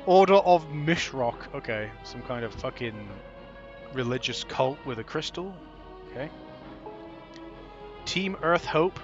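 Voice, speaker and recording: A man giving casual, joking commentary while he plays a video game for the first time, swearing often. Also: a little high. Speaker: gameplay commentator. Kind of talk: casual let's-play commentary. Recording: slightly dull lo-fi with faint game music.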